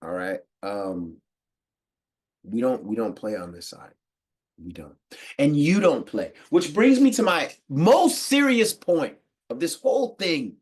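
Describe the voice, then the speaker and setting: An American man giving a casual, slangy monologue to the camera, animated and quick to laugh. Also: mid-range voice, breathy edge. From United States. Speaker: podcast host.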